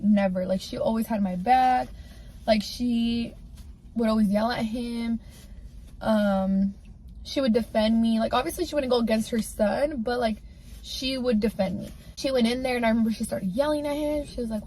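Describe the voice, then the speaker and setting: A woman's voice: a little high, normal speed, a little mellow, slight background noise. A woman candidly telling a personal story in a casual storytime, rambling and filling her talk with "like". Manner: candid, rambling, heavy use of "like".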